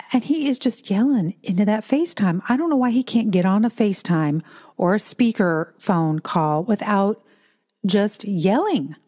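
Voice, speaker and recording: A middle-aged woman with a medium-pitched, dark-toned voice co-hosts a podcast. The conversation is casual and chatty, and she tells stories with an exasperated edge.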